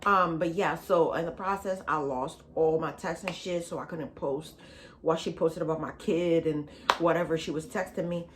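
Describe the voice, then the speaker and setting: A woman's voice: low voice, fairly even intonation, moderate pace, background noise. A woman vlogger telling a storytime in a casual, blunt and profane, chatty way.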